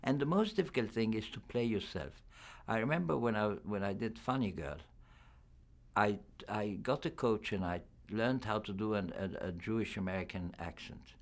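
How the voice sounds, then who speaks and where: A man's voice: fairly low pitch, normal speed. An older man, a film actor, giving a candid, reflective press interview.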